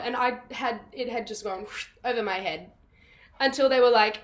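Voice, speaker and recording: A woman's voice: a little high, normal speed. Bubbly young woman. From Australia. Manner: bubbly, laughing storyteller. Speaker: guest, musical theatre actress. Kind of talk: casual interview chat. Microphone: video call.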